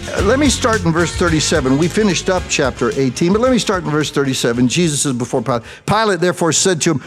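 A middle-aged male pastor teaching through the Bible verse by verse in a relaxed, conversational way, mixing in personal stories. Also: fairly high pitch, fast talker, breathy edge, faint music behind. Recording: long hall reverb.

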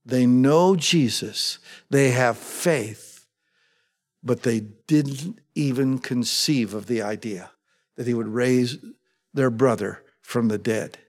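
A pastor preaching a sermon in an animated way, rising to loud, emphatic calls. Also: male voice, mid-range voice, slow pace. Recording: long reverb of a large hall.

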